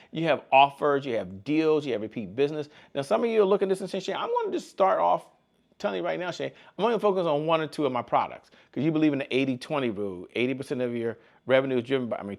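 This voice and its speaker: A man hosting a motivational sales show, with a pitch that rises and falls a lot. He talks with high energy and drives his points home by repeating slogans like a preacher. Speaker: host. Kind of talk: motivational business talk.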